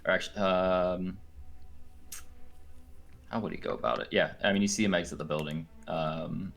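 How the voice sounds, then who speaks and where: Low-voiced man running a tabletop game. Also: moderate pace, creaky, fairly bright tone, faint music behind. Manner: hesitant, many fillers. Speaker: game master.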